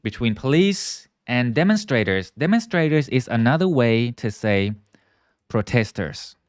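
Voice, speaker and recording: A man teaching English in a live online lesson, explaining words slowly, stretching key terms and often checking in with viewers. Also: medium pitch, sing-song, clear, resonant tone, no echo, studio quality. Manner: models pronunciation and asks viewers to repeat.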